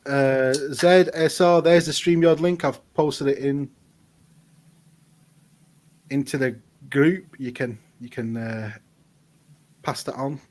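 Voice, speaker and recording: A man's voice: medium pitch, fairly even intonation, slow pace, pauses often, a little mellow, a little hiss or hum. A man co-hosting a live advice stream, joking, teasing and laughing at his own puns. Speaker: advice show co-host. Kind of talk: casual live-stream banter. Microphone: webcam on a live stream.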